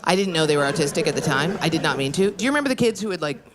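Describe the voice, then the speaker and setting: A young woman from upstate New York performing a brash stand-up comedy set on a club stage, jumping into loud, high shouted bits. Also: expressive, rapid-fire. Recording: live club recording with crowd noise. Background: audience laughter and applause.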